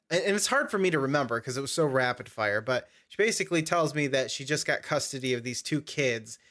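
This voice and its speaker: A man's voice: mid-range voice, a bit bright. A young man hosting a casual chat, telling a long, rambling story and often correcting himself. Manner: rambling, self-correcting anecdote teller. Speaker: podcast host.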